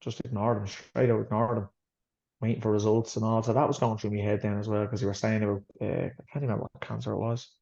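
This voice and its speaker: Fast-talking gravelly Irish man. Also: fairly low pitch, flat delivery, darkish tone. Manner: blunt, swears freely, quick rambling delivery. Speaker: boxer, guest. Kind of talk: candid interview storytelling. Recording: slightly dull lo-fi sound.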